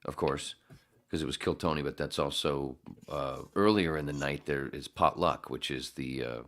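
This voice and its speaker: A man's voice: very deep voice, moderate pace, fairly bright tone. A man hosting a podcast, telling a rambling, profane, self-mocking story full of restarts. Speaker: podcast host. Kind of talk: casual chat.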